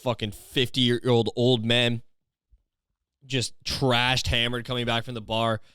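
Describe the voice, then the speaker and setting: A young man from Canada hosting a podcast, rambling through a crude comedic monologue full of filler phrases and deadpan dark jokes. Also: mid-range voice, slow pace, clean tone, no room sound, studio quality. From Ontario, Canada. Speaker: podcast host.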